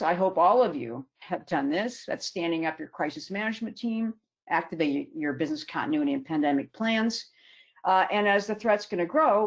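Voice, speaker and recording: A woman consultant presenting a webinar, explaining in an emphatic way and slowing down to stress key words. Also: fairly low pitch. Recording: dull lo-fi webinar audio.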